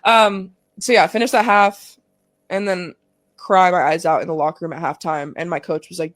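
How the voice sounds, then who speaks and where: A woman's voice: lowish voice, steady tone, normal speed, no echo. A woman in her twenties, a pro athlete guest on a podcast, telling a personal story candidly with lots of "like" and swearing. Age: 20s. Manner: candid, profane, fillers of "like", emotional retelling. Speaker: guest, pro soccer player.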